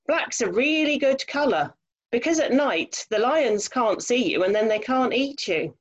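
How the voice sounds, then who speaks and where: A woman's voice: on the high side, expressive, a little slow, muffled recording. Sensible reassuring hippo, as a woman reads it.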